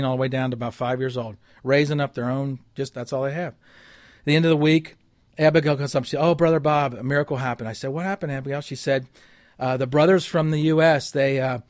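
A middle-aged man giving a church talk as a missionary speaker, telling stories in an animated way with frequent restarts. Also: medium pitch, dry recording, studio quality.

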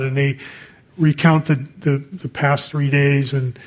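A man's voice: fairly high pitch, level tone, moderate pace. A man preaching a sermon in a conversational way, reading scripture and adding casual asides.

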